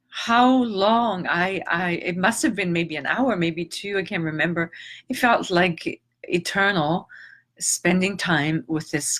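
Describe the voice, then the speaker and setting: A middle-aged woman telling a personal story in a reflective, halting, emotional way, with long pauses. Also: lowish voice, a bit bright. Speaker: transformational teacher.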